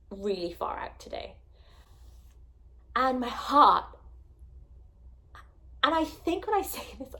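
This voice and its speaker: A young woman travel vlogger telling a story to camera, gushing and close to tears, sometimes dropping to a whisper. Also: medium pitch. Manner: excited, gushing, drops to whispers.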